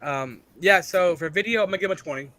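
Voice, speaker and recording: A man's voice: high-pitched, quick pace, sharp tone, dry recording. A man judging a match in casual chat, blunt and joking, with lots of fillers. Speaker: match judge.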